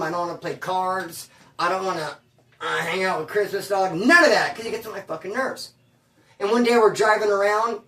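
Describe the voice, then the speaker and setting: Slangy man telling prison stories. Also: high voice. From California. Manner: slangy, profane, animated. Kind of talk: casual storytelling. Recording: echoey room, voice from far off.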